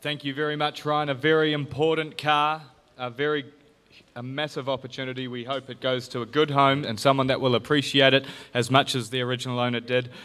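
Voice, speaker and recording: A man's voice: medium pitch, flat delivery, a little fast, fairly bright tone, smooth, in a large hall. An Australian man hosting a live car auction broadcast in an upbeat announcing manner. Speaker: event host.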